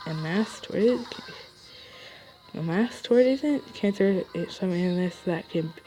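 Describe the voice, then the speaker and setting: Girl reading out a sick tired young guy, low voice, music behind. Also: slow pace, dark tone, low-quality recording. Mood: weary. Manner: read aloud, with stumbles and restarts. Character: gravely ill young man, weary and sad. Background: background music.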